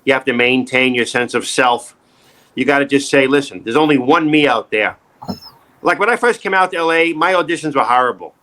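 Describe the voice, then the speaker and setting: Bright-voiced emphatic middle-aged man. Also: medium pitch, brisk. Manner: emphatic, repetitive, animated storytelling. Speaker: acting coach. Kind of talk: casual interview chat.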